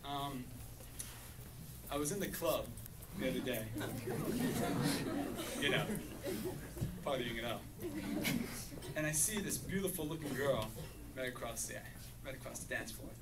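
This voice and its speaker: A man's voice: medium pitch, moderate pace, pauses often. A young man performing stand-up comedy on a university stage, speaking hesitantly with many fillers. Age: young adult. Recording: distant mic, loud crowd and noise. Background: audience laughter and ambience.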